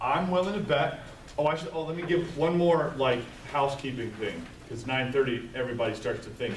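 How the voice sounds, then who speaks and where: Man, staff trainer, conversational, mid-pitched voice, distant mic, faint background hiss. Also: steady tone, fairly quick. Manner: conversational, storytelling, tags points with "right?". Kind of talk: live training presentation. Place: training room with tables. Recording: echoey room, mic far off, faint noise.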